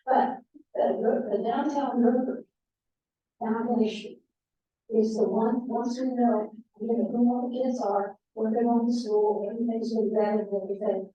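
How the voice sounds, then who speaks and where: A woman's voice: on the high side, steady tone, a little slow, warm tone, dull audio, slight background noise. An American woman telling stories to a club meeting in a chatty, rambling way with many fillers. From United States. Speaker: guest speaker. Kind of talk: anecdotal talk to a club. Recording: echoey room, voice from far off.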